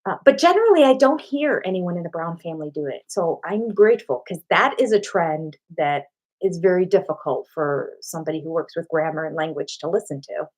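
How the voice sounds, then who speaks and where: A woman's voice: lowish voice, animated, fairly quick, a little mellow. An older woman hosting a casual live-stream chat at home, talking with fillers and restarts into a cheap desktop microphone. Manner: chatty, thinks aloud with fillers and restarts. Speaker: channel host answering live chat. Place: home room.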